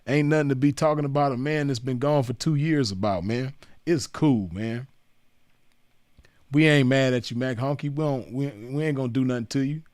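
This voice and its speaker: A man's voice: mid-range voice, moderate pace, a little mellow, dry recording, studio quality. A man in a casual monologue to the camera, mocking someone in laid-back, profane street slang, filling his talk with "man" and "you know what I mean". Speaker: commentator.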